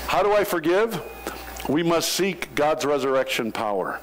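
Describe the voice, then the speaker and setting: A male pastor preaching a sermon, telling jokes and stories in an animated way. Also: a little high, moderate pace, slight background noise, rough recording. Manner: animated storytelling with joking asides. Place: church sanctuary.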